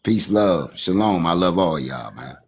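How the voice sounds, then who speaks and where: A man's voice: low voice, expressive, measured pace, husky. A man with a Washington, D.C. accent, a caller giving a rambling spiritual monologue over a remote call, preachy and repetitive. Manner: preachy, repetitive, says "you understand" often.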